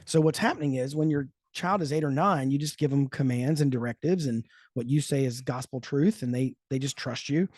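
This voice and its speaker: A man hosting a faith-based parenting talk show, telling stories in a thoughtful, animated way. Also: mid-range voice, fairly quick, hardly any pauses, no echo, studio quality. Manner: thoughtful, storytelling, lively emphasis. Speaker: podcast host. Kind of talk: casual chat.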